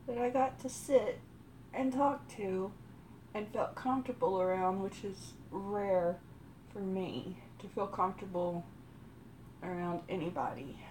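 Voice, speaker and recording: A woman with a Texas accent telling a personal story in a slow, rambling way while doing her makeup on a live stream. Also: mid-range voice, a little mellow, slight background noise. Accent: Texan. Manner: slow rambling delivery with many pauses. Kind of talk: casual storytelling during a makeup routine.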